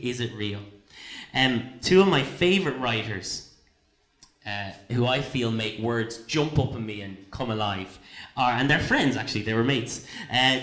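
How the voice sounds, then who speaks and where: A man giving an informal sermon, conversational, with many fillers and restarts, quiet at times and emphatic at others. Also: mid-range voice. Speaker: preacher.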